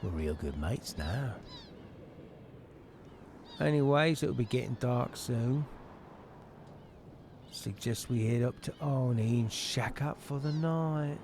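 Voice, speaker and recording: A man's voice: mid-range voice, expressive, slow, long pauses, a little mellow, a little hiss or hum. A man reading the lines of a cocky young female thief aloud while playing, in his own plain voice without an accent. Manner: reads game dialogue aloud in a plain voice, no accent. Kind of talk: reading game dialogue aloud.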